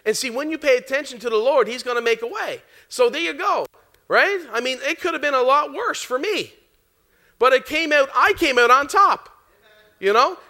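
A middle-aged Canadian man with a very high voice preaches a sermon. He shares a personal testimony animatedly and laughs often.

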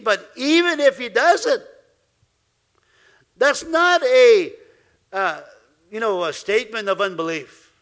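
A man preaching a sermon as pastor, lively, laughing now and then and acting out the voices he quotes. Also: very high voice.

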